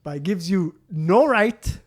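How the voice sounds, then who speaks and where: A man co-hosting a podcast, telling a story in a casual, animated way with lots of "dude" and "like". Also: high-pitched, measured pace. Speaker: podcast host.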